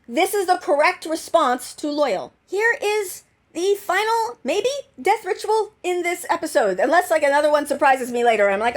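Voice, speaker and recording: A woman hosting her own channel, chatting about a TV episode in a rambling, excitable way, full of "like" and gushing bursts. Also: extremely high pitch. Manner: excitable and gushing, with quick bursts of squealing delight. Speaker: channel host reviewing a TV episode. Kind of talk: casual chat over episode footage.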